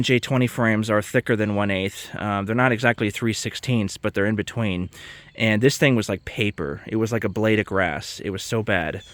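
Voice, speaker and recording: A man's voice: fairly low pitch, no room sound. Exasperated man ranting, dry sound. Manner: exasperated, ranting, swears freely. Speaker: vlogger. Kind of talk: casual rant to camera.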